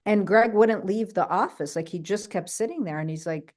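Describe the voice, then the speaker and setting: A woman telling a personal story on a video call, animated, often checking in with "right?" and acting out what others said. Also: mid-range voice, moderate pace, hardly any pauses. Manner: acts out other people's quoted lines. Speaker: guest speaker. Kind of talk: personal story in an online talk.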